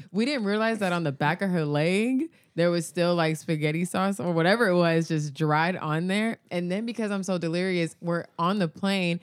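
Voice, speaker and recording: A woman's voice: lowish voice, normal speed, few pauses, no echo. A young adult woman co-hosting a podcast, telling stories in casual chat, laughing often and swearing freely. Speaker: podcast co-host.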